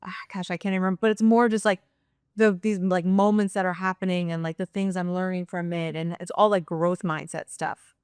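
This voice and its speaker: Low, smooth-voiced woman sharing reflectively. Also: flat delivery, fairly quick, a little mellow, no echo, studio quality. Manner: reflective, open, many fillers. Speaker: guest, nurse practitioner. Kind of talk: casual conversational interview.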